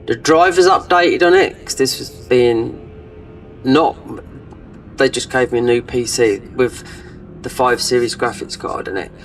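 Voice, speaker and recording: Rambling gamer talking over play; mic at a distance, faint music behind. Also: male voice, medium pitch, a little slow. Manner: rambling, trailing off, many fillers. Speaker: gaming channel host. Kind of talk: casual gameplay commentary.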